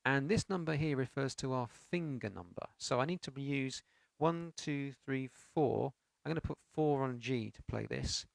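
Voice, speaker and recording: A man's voice: mid-range voice, normal speed, creaky, dry recording. A man teaching a beginners' piano lesson, explaining notes patiently and counting beats aloud with sung syllables. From United Kingdom.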